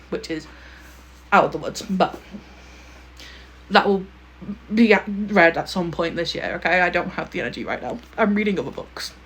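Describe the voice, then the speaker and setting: A woman's voice: mid-range voice, a bit bright. Young woman book vlogger, casual to-camera chat, gushing and emphatic, mid-range voice. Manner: gushing, emphatic, ends points with a pointed "okay?".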